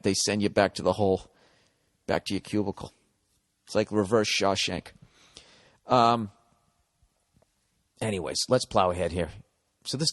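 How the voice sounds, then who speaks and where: A man's voice: low-pitched, long reverb tail. A man in his forties with a Boston accent, a comedian hosting a podcast who gives advice in a rambling, profane, blunt way that turns encouraging. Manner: profane, blunt, mock-harsh then encouraging. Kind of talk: rambling comic advice monologue.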